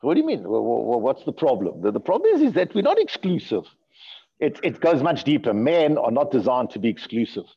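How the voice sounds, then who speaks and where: A rabbi teaching a Torah class speaks in a gravelly, slightly husky mid-range voice that rises and falls with lively energy at a brisk pace. He often asks questions and repeats words, and the recording sounds dull and lo-fi.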